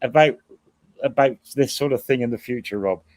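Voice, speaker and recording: A man's voice: medium pitch, normal speed, a little mellow. A middle-aged man, chatting casually on a livestream and rambling through long examples while correcting himself. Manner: rambling, self-correcting storyteller. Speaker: co-host guest.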